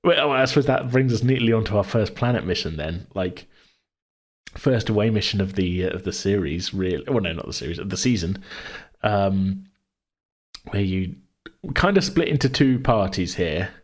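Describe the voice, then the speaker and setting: A man hosting a tabletop podcast, chatting casually in a relaxed, rambling way and laughing often. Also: on the low side, normal speed. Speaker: game master and podcast host. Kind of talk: casual chat.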